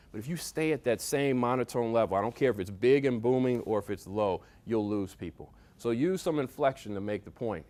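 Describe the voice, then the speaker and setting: A man giving a lively motivational talk to a workshop audience, coaching them with sports analogies, repetition and swings in loudness. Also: medium pitch. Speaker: speaker at a leadership workshop. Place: meeting room with audience.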